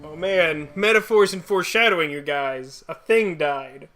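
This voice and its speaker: A man chatting to his viewers while he streams a game, joking and rambling as he plays. His voice sits high and sounds very bright and forceful. Game music runs softly behind him. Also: normal speed. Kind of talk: casual live-stream commentary.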